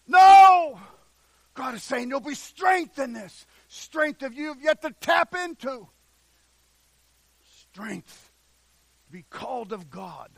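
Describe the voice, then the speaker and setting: A man preaching a sermon with fervor, drawing out the scripture he reads and swinging from shouts to hushed passages. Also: very high voice, expressive, gravelly, breathy edge, no room sound. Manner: drawn-out emphatic scripture reading.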